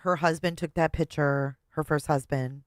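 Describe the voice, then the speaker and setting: A woman's voice: deep voice, fairly even intonation, moderate pace, dry recording, clean studio sound. A woman hosting a livestream, chatting with viewers and making sarcastic asides as she reacts to a podcast. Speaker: livestream host.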